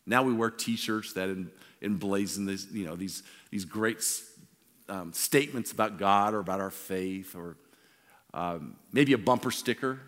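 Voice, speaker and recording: A man in his sixties, a pastor telling stories in a sermon and swinging from loud to hushed. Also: lowish voice, measured pace. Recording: long reverb of a large hall.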